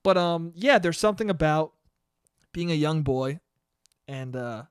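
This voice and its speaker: A man's voice: fairly high pitch, expressive, a little slow, clear, resonant tone, no room sound, clean studio sound. A young man hosting a solo podcast, rambling casually and swearing, with self-deprecating bursts of laughter. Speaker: podcast host.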